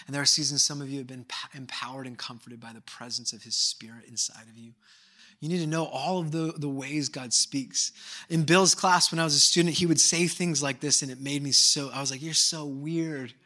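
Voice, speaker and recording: A man in his thirties preaching a sermon as a pastor, telling animated stories and moving between hushed and emphatic delivery. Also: medium pitch, fairly quick. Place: church service.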